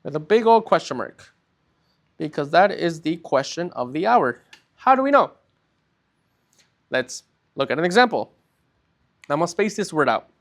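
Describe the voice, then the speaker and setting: This male Spanish teacher has a fairly high voice and an animated manner as he leads a recorded language lesson. Going patiently step by step, he frequently stretches out important words and makes sure the class is following.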